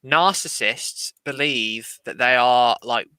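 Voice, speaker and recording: Bright, rambling young man. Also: medium pitch, smooth, no room sound. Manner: rambling, jokey, drawn-out. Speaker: stream guest. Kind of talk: casual live stream chat.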